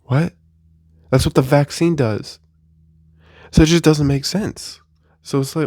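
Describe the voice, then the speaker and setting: A man's voice: on the high side, unhurried, pauses often, mellow, no room sound. A man in his early twenties, sick with the flu, venting in an exasperated, profane casual rant. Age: 20s. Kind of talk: casual ranting monologue.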